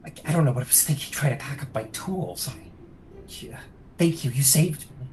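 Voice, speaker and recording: A man voicing a shaken, grateful craftsman who speaks in a hushed, stammering way. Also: mid-range voice, expressive, moderate pace, slight background noise, natural voice.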